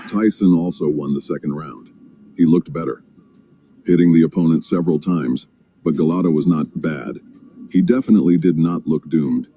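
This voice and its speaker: A man narrating a sports documentary in a steady, measured way. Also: extremely low pitch, a little hiss or hum. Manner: steady, measured storytelling with occasional fillers.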